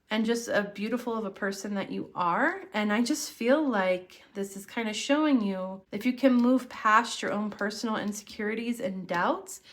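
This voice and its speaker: A woman giving a casual tarot reading to camera, earnest and encouraging as she speaks straight to the viewer. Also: a little high. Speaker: tarot reader.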